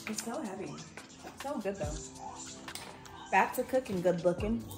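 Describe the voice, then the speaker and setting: A woman's voice: medium pitch, unhurried. A woman vlogger in her thirties chatting casually with her daughter, acting out quotes as she tells funny stories. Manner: animated storyteller, acts out quotes. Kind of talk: casual chat. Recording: echoey room, far from mic, music behind.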